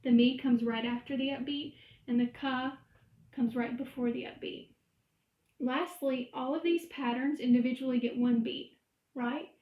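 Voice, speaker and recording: A woman music teacher records a lecture at home, walking through rhythm patterns step by step. Her voice sits high, and the room around her is noticeably echoey. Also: lo-fi sound. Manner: explains step by step, chants rhythm syllables.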